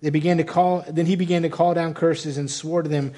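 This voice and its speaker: A man preaching a sermon in a church in the American South, animated and self-correcting, often acting out the people in his story. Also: a little high, fairly quick. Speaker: pastor.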